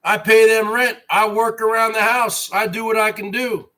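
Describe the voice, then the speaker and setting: A man's voice: sits high, level tone, normal speed, sharp tone. A man hosting an online show, delivering a mocking, repetitive rant at rivals and calling them brother. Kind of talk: ranting monologue to viewers.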